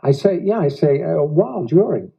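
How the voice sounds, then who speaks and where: An American actor being interviewed at home, speaking reflectively in halting phrases with odd pauses. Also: male voice, on the high side, expressive, gravelly, husky. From United States. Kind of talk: casual interview talk. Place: living room of a private house. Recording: dull lo-fi 1990s home video.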